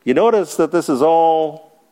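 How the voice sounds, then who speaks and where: A man teaching a Bible study class, his pitch rising and falling lively as he explains a passage. He sits a little high for a man and leans hard on key words with emphasis. He keeps putting questions to his listeners. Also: a little slow.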